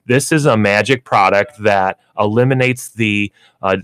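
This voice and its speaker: In a radio studio, a man hosts a pet store radio show, giving chatty, filler-heavy explanations of pet training as radio pet advice talk. His voice is on the low side, unhurried and fairly bright, with no echo.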